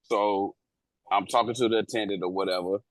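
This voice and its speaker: A man's voice: fairly low pitch, steady tone, fairly quick, no room sound, poor audio. A man co-hosting a talk show, casually telling a story from his job as an airport officer in a slangy, profane way, acting out the people in it. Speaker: airport police officer and co-host.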